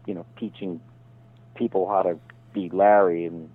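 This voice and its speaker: A middle-aged man, a voice actor guest, telling rambling showbiz stories over the phone and slipping into quick impressions. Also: sits low, steady tone, no echo. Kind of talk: casual phone interview. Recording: tinny phone line.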